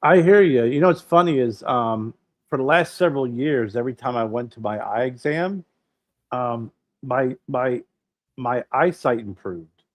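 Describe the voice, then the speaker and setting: A man's voice: mid-range voice, unhurried, dry recording. A middle-aged man co-hosting a casual podcast, telling stories with a lot of swearing and acting out the people he quotes. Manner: animated storyteller, swears freely, acts out quoted people. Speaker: podcast co-host. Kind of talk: casual chat.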